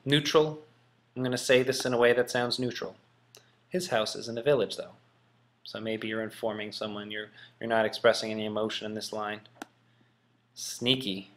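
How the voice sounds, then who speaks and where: A man's voice: fairly low pitch, fairly bright tone. A man teaching in a casual, musing way, thinking aloud with frequent ums. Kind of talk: casual classroom explanation.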